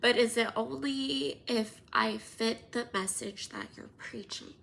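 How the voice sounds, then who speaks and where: A woman in her thirties hosting a podcast, telling personal stories in an animated, casual way, sometimes dropping to near-whispers. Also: a little high, a little slow, vocal fry, slight background noise. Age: 30s. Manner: animated, drops to near-whispers and laughs often. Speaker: podcast host.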